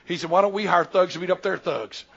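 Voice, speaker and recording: A man's voice: high voice, fast, creaky, a bit bright, husky. A man, preaching a sermon in a folksy storytelling way and acting out dialogue, in a church. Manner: folksy, acts out dialogue in quotes. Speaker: pastor and missionary. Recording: dull lo-fi church recording.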